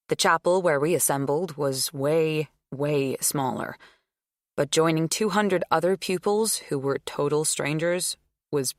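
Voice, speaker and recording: Woman narrator, low voice, measured audiobook read, dead dry sound. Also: no room sound. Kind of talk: first-person audiobook narration.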